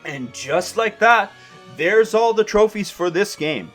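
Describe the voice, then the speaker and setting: A man's voice: high-pitched, expressive, a little slow, a bit bright. A young man narrating a scripted trophy guide for video games, with wry, self-deprecating asides. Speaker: game guide host. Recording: voice-over over faint music.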